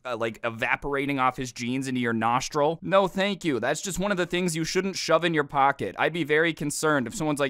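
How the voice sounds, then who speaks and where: A young man narrates a storytime in an animated, joking way, full of casual fillers. His voice is smooth and clear. The recording is dry and close, with no room sound. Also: fairly high pitch, a little fast, few pauses, dry recording. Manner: animated, jokey retelling with lots of fillers.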